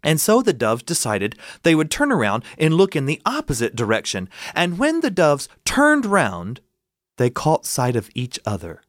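A man from South Carolina, telling a story and breaking into high squawking bird noises. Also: huge pitch swings, moderate pace, a bit bright, no echo, clean studio sound.

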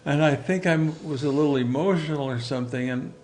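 An older man with a fairly high voice talks fast as an interview guest, telling a story from his own life. He's animated and chuckles as he goes, acting out the remembered dialogue.

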